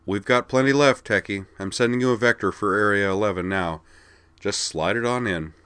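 A man's voice: fairly low pitch, normal speed, fairly bright tone, smooth, dry recording, natural voice. A man doing a friendly, amused hostess. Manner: personable, amused.

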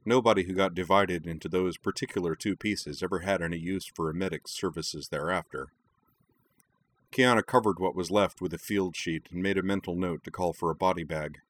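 A man narrating fiction in a steady, even storytelling manner. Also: low voice, moderate pace. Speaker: audiobook narrator.

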